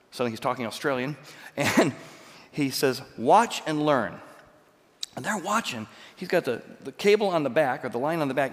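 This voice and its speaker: A man preaching a sermon as pastor, telling stories with lively swings between loud and quiet. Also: on the high side, in a large hall. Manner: animated storytelling, jumps between loud and soft.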